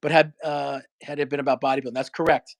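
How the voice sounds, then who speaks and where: A man's voice: medium pitch, level tone, fast talker, creaky. A man hosting a casual chat, chiming in with eager agreement. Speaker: host.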